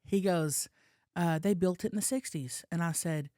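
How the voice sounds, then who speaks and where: A woman with a slightly low voice is telling a story on a podcast, lively and animated, acting out the people she quotes. The sound is close and dry, as in a small studio. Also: normal speed, no room sound. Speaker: podcast co-host. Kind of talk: casual storytelling chat.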